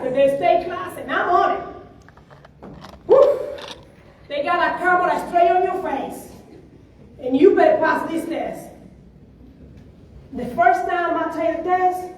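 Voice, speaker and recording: A woman giving an animated motivational speech at a networking event, laughing often as she tells her story. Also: sits high. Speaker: featured speaker at a networking event. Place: event room. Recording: echoey room, distant mic, faint noise.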